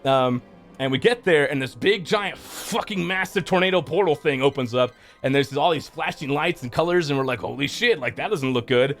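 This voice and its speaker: Dude streamer rambling thru a story recap, cussing, kinda high voice, faint music behind. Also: male voice, moderate pace, a bit bright. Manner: loose, profane and rambling, with many fillers. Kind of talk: casual recap of a game's story.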